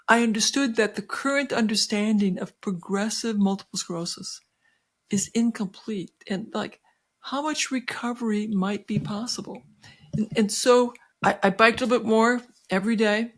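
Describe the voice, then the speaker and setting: A woman's voice: mid-range voice, moderate pace. A woman in her sixties, a physician guest, telling a personal story in an interview with many restarts and fillers, animating her tale. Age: 60s. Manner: animated, acting out quoted voices.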